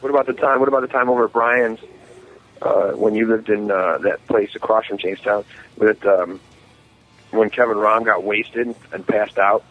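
With a fairly low voice at a moderate pace, a man swaps profane, rambling party anecdotes with friends, voicing everyone else's lines with gusto. Soft music plays behind him, and the lo-fi recording is muffled with a faint hiss.

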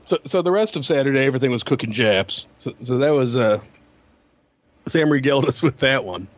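Animated storytelling man. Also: a little fast. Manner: animated storyteller who slips into high-pitched quoted voices. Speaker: podcast co-host. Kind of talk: casual storytelling chat.

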